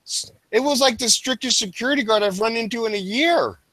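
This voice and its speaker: A man's voice: very high voice, brisk, bright, forceful tone, dry recording. A man hosting a casual stream, telling a rambling story full of fillers and restarts. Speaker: stream host.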